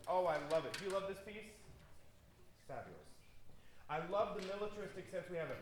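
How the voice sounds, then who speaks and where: High, lively man conducting a rehearsal. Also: normal speed, long pauses, a little hiss or hum. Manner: animated, scat-sings rhythms and counts bars aloud; playful, joking with the players. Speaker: orchestra conductor. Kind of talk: rehearsal instruction. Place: rehearsal hall. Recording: echoey hall with orchestra playing.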